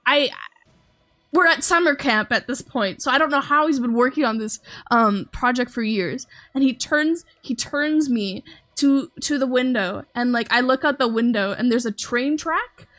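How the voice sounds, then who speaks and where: A woman streamer chatting casually with her viewers in a slightly high voice. She rambles and restarts her sentences, filling every gap with "um"s and breaking into laughter often. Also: moderate pace, fairly bright tone. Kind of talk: casual storytelling chat.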